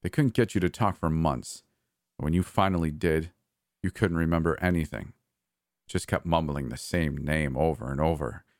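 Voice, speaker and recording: A man voicing a manic, cruel adult brother who taunts and mocks, breaking into yells. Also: rumbling low, normal speed, no room sound, studio quality. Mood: cold taunting. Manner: taunting, mocking, erratic shifts into yelling.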